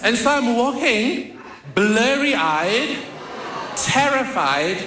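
A man's voice: very high voice, sing-song, drawn-out words, crowd noise. A young man giving a personal storytelling talk on stage, vivid, wry and self-deprecating. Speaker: speaker. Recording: roomy hall echo.

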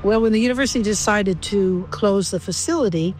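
A woman's voice: medium pitch, fairly quick, a little mellow, slight background noise. An older woman, a former lab researcher, recalling her years with chimps in an earnest, emotional documentary interview.

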